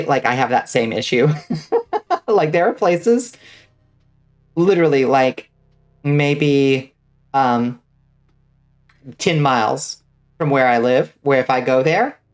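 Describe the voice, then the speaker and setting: A woman's voice: extremely low pitch, a little slow, pauses often, faint music behind. A woman streaming a game and chatting casually with viewers, rambling with many fillers and the odd swear word. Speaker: vtuber streamer. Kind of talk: casual gaming stream chat.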